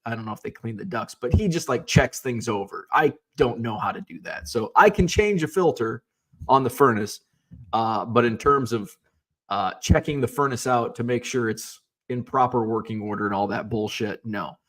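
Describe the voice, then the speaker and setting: A man's voice: medium pitch, normal speed, fairly bright tone. A middle-aged man casually telling a story in his home basement, rambling with lots of fillers and restarts and the odd swear word. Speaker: card collector and seller. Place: home basement shipping room.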